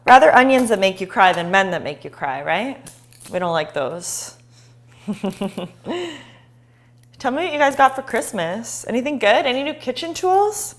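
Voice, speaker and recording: A woman's voice: mid-range voice, expressive, normal speed. A woman hosting a live cooking show, chatting and encouraging viewers as she chops.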